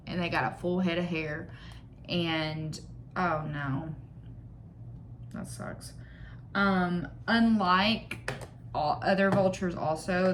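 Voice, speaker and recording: Slow-talking young woman vlogger, rambling. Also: lowish voice, a bit bright, a little hiss or hum. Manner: rambling, joking and self-mocking; reads figures aloud from a screen. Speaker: beauty vlogger. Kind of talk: casual chat while doing makeup.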